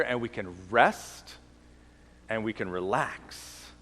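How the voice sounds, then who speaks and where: A male pastor with a cold, preaching a sermon and slowing down to stress key lines. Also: medium pitch, in a large hall. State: has a cold.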